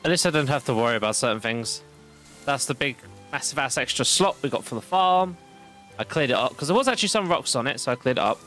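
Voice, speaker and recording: Soft music backs a man streaming a game from home. His medium-pitched, fairly bright voice is fast and lively as he rambles casually and pokes fun at himself while playing.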